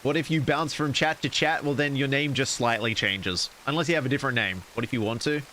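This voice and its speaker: Guy reading a creepy story on stream, cracks jokes, soft rain hiss in back. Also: mid-range voice, brisk, poor audio. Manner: casual, wisecracking asides to chat.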